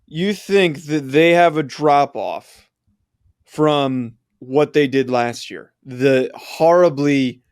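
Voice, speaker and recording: A man's voice: fairly high pitch, clear, resonant tone, no echo. Blunt opinionated man, dry close mic. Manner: blunt, opinionated, talks in quick bursts. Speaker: podcast co-host. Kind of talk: casual sports chat.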